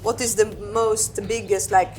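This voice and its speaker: A woman ambassador, answering interview questions in a reflective, unhurried way and often repeating her words. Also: mid-range voice, little pitch movement, faint music behind. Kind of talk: candid conversational interview answers.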